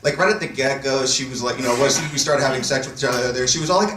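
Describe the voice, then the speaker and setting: A man performing a stand-up set, telling stories deadpan and breaking into loud shouted impressions. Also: medium pitch, quick pace, slight background noise. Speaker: stand-up comedian. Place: comedy club stage. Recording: roomy club sound from far mic. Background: laughing audience.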